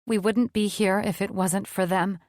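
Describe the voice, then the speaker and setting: A woman's voice: medium pitch, fairly even intonation, moderate pace, darkish tone, no room sound, studio quality, close to an everyday voice. A woman voicing an anxious young woman who speaks tentatively.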